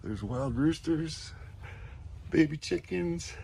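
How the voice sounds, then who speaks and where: A man strolls around a rural property with his phone and chats casually as he gives a tour. His voice sits slightly high, and a faint hiss of outdoor ambience runs behind him. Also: lively intonation, slow, gravelly, darkish tone. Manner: chatty, cooing at animals in a high voice. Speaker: livestream guest giving a walking tour. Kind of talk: casual live chat.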